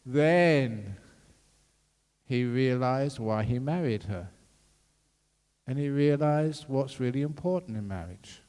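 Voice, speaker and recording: Man, buddhist monk, dharma talk, jovial, laughing, mid-pitched, long hall reverb. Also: lively intonation, slow pace, long pauses, darkish tone.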